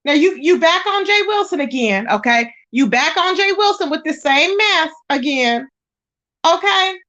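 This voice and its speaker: Woman on a livestream, high voice, chatty, calls everyone baby and child, AAVE. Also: animated, normal speed, sharp tone, muffled recording. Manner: chatty, greets viewers, exasperated searching. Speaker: livestream host. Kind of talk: casual livestream chat.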